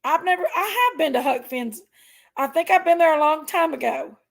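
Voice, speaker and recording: A woman hosting a casual live chat, loud and laughing often, her voice hoarse from allergies. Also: high-pitched, moderate pace. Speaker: livestream host.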